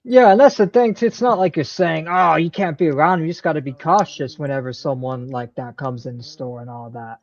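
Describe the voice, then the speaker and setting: A man's voice: medium pitch, a little fast, hardly any pauses, a little mellow, no echo. Rambling man on a muffled mic. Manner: agreeable, rambling with restarts. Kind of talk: casual live-stream chat.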